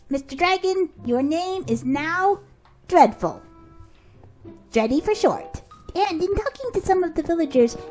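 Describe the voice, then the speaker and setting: A woman giving excitable let's-play commentary, gasping and cooing at her pet as she narrates her play. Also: high-pitched. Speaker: game video creator.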